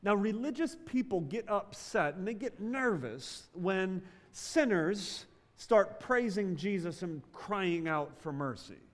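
A man preaching a sermon in a high, bright voice. He builds to loud, emphatic lines, then drops to slow, soft ones. His voice rings out with a long hall reverb. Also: lively intonation. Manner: preaching with swings from loud emphasis to quiet, drawn-out phrases. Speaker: pastor.

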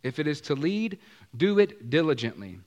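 A man's voice: a little high, big pitch swings, moderate pace, a little mellow. A male pastor preaching a sermon in a conversational way, often asking the congregation questions and using casual slang.

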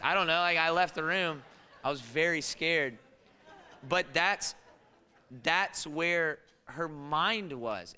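Forceful, resonant preaching man in a hall. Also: fairly high pitch, clean tone. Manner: storytelling, conversational and humorous. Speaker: pastor. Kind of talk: sermon.

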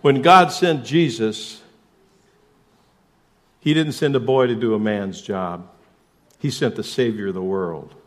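A man preaching a sermon as pastor, emphatic, asking rhetorical questions and shifting suddenly between loud and soft. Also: fairly low pitch, slow pace, long pauses.

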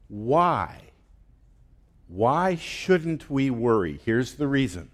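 A man's voice: mid-range voice, very animated, takes it slowly. A middle-aged man giving a conversational sermon as pastor, with fillers and restarts. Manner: conversational, laughs often, many fillers and restarts.

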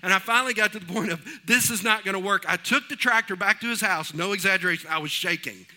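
Bright-voiced pastor preaching. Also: male voice, high voice, quick pace. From East Texas. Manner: folksy storytelling, animated. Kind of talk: sermon.

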